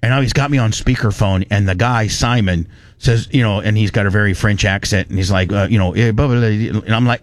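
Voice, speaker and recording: A man hosting a radio morning show, telling a story with animated rants and frequent restarts. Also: lowish voice, fairly quick, dry recording. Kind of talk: casual morning show chat. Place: radio studio.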